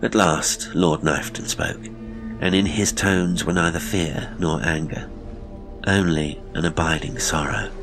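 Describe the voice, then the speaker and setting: Deep-voiced male horror narrator. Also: steady tone, music in the background. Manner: measured, dramatic storytelling. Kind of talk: scripted audiobook narration.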